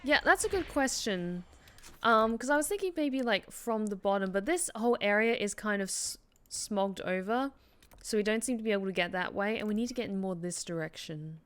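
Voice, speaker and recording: A woman's voice: medium pitch, lively intonation, brisk, fairly bright tone. Woman streamer musing over gameplay. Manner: musing aloud, hesitant, lots of fillers. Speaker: game streamer. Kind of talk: casual gameplay commentary.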